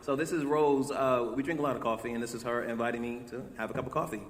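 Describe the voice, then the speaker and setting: A man's voice: medium pitch, quick pace. A man on a convention panel, talking animatedly and laughing between lines. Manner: animated, laughing while he talks. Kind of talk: casual panel chat. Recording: reverberant hall, loud crowd and noise.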